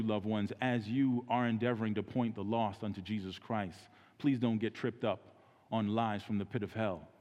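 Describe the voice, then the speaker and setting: A man preaching a sermon as pastor, earnest and animated, acting out street conversations in a softer voice. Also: mid-range voice. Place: church sanctuary. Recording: church hall with long reverb.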